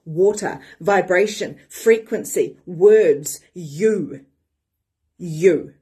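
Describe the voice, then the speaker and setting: A woman, a life coach giving a lively live-streamed motivational talk. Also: on the low side, extremely slow, breathy edge. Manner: animated and excitable, swears casually.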